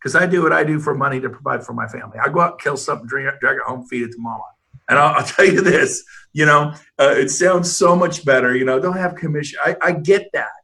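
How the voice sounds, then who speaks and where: A man's voice: mid-range voice, quick pace, gravelly, bright, forceful tone. A man on a video call giving an emphatic, motivational panel talk full of stories, often restarting his sentences. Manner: emphatic, fired-up, rambling with restarts. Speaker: real estate brokerage leader, panel host.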